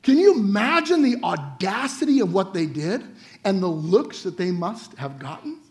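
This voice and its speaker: Animated young male preacher, high and lively. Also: normal speed. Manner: animated, chatty, asks the audience "right?" often. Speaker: guest preacher. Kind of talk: sermon.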